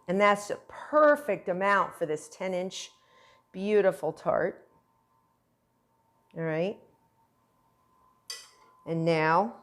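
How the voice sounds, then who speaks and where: A woman's voice: mid-range voice, a little hiss or hum. Chatty woman chef demonstrating a tart. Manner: chatty, playful, encouraging. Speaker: cooking instructor. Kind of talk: cooking demonstration.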